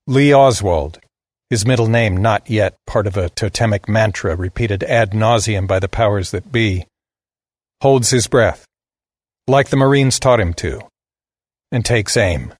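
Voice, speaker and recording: A man's voice: fairly low pitch, no echo, clean studio sound. A man giving a scripted narration of a story in a blunt, sardonic manner.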